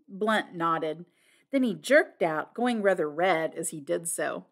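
A woman reading a classic mystery novel aloud as an audiobook narrator, with expressive delivery. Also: lowish voice, slow.

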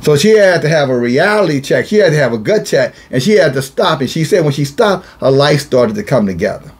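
A man's voice: fairly high pitch, sing-song, brisk, breathy edge. A man preaching a blunt, scolding sermon, calling himself a watchman and repeating phrases for emphasis. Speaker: self-styled watchman preacher. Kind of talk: rebuking sermon monologue.

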